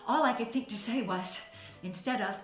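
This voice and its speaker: A woman from North Carolina, an actress telling an expressive backstage story as a fundraising appeal. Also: a little high, moderate pace. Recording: echoey room, faint music.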